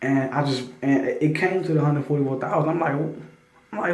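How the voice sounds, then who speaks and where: A man recounts a spiritual testimony in loose, excited talk, tripping over restarts as the story builds. He shifts into loud, emphatic scripture reading. His fairly high voice rings around a roomy, echoing space. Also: moderate pace. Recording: roomy echo.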